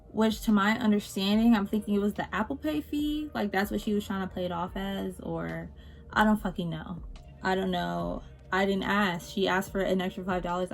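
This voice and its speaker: An animated young woman vlogger tells a casual storytime as she does her makeup. She swears freely and swings between loud exasperation and low, muttered asides. Her pitch sits mid-range, with faint music playing underneath. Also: creaky.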